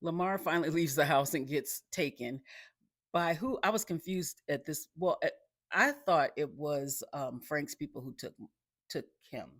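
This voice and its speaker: A man's voice: a little high, normal speed, a bit bright, dry recording, clean studio sound. A man casually recapping a TV episode, rambling with lots of ums and restarts and chuckling along the way.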